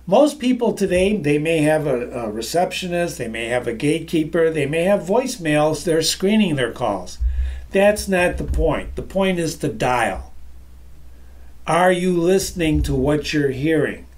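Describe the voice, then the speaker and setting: A man delivers a motivational sales lesson from his office in a high, lively voice that swings widely up and down. He talks emphatically, repeats key phrases for effect and keeps calling out to his listeners as ladies and gentlemen while pacing around. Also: unhurried. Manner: moves around while talking. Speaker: sales trainer presenting to an online audience. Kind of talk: energetic motivational presentation.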